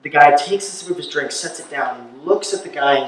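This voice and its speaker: A man telling stand-up stories with a voice on the higher side. He builds his bits into loud, incredulous rants. He is heard from a little off-mic in a very echoey live room. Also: fairly quick, far from the mic, slight background noise. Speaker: stand-up comedian. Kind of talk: stand-up comedy set. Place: live comedy venue.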